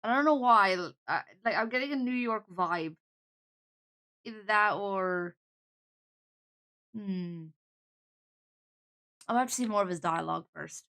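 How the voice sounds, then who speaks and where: A woman's voice: medium pitch, measured pace, pauses often, sharp tone. A woman streamer casually commenting on a game and chatting with her viewers.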